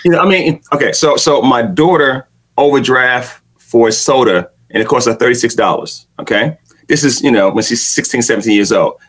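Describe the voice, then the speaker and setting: A man's voice: medium pitch, normal speed, fairly bright tone. A laid-back middle-aged man in casual conversation, often repeating himself and agreeing with "right.".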